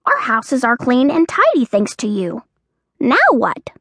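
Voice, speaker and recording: A steady, practical male mole from a children's storybook, voiced by a woman. He speaks in a plain, even manner. The recording is close and dry, without room echo. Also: on the high side, measured pace, breathy edge, full character voice. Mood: earnest. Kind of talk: children's audiobook character voice.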